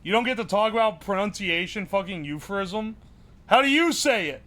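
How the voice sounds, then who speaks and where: A man's voice: high voice, lively intonation, brisk, pushed and bright. A man streaming live, joking with his chat and thinking aloud while he builds something. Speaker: livestreamer. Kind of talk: casual livestream chat.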